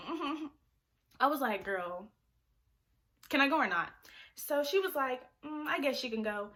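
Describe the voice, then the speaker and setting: A teenage girl telling a storytime vlog in a chatty, animated way, full of fillers and acted-out quotes. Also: high voice, unhurried, long pauses. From Liberian family. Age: teens. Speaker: vlogger.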